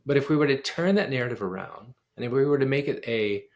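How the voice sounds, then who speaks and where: Gravelly-voiced man telling an animated story. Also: medium pitch, quick pace. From United States. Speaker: guest pianist and composer. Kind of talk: storytelling in a casual interview.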